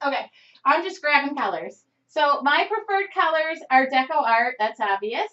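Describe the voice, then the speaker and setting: Middle-aged woman hosting a live art stream: chatty, rambly, quick laughs, fairly high voice, muffled lo-fi audio. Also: expressive, bright, forceful tone. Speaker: art instructor. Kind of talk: live-streamed painting session chat.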